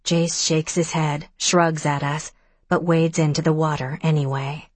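A woman's voice: deep voice, fairly even intonation, a little slow, dry recording. A woman narrating a first-person novel as an audiobook, giving each character a slightly raised voice in dialogue.

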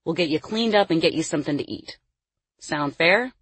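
A woman's voice: low-pitched, lively intonation, normal speed, a bit bright, dry recording, heavily acted. A woman voicing a scheming male circus boss. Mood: coaxing. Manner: smooth, persuasive, menacing. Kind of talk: audiobook character voice.

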